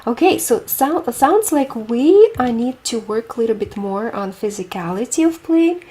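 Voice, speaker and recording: Lady piano teacher, soft dark tone, lots of questions and encouragement. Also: fairly high pitch, lively intonation, normal speed. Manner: encouraging, explains with imagery and questions. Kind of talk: online group piano lesson.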